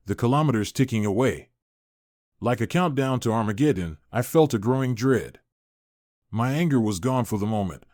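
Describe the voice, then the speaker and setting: Steady male storyteller, dry close sound. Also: mid-range voice, no room sound. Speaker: story narrator. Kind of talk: scripted first-person story narration.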